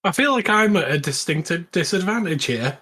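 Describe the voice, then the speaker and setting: Higher-voiced, easygoing man. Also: lively intonation, moderate pace, sharp tone, husky. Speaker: podcast co-host. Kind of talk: casual banter.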